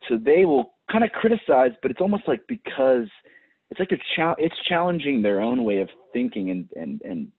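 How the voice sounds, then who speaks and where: A man's voice: medium pitch, sing-song, normal speed, slightly rough. A man chatting casually as a podcast guest, laid-back, filling his talk with "like" and acting out what friends say. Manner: laid-back, many "like"s, acts out quoted friends. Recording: phone-like remote call audio.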